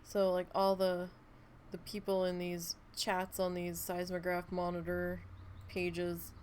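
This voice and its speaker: A woman's voice: fairly low pitch, completely flat delivery, slow pace, a little mellow, a little hiss or hum. A woman live-streaming a game, chatting casually and telling rambling stories with plenty of swearing. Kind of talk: casual live-stream chat while playing.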